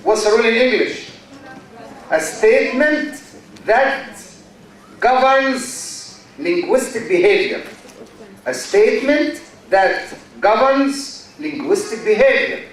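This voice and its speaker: An Egyptian man with a very high-pitched voice lectures a university class, taking it slowly with long pauses. He poses questions to the students, answers them himself and repeats key phrases. The recording comes from a large, very echoey lecture hall with the mic far away.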